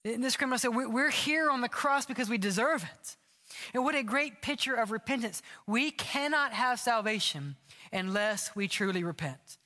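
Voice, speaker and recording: A man preaching a sermon as pastor, impassioned and earnest, sometimes dropping his voice low for emphasis. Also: moderate pace, sharp tone. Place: large church sanctuary. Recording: long hall reverb.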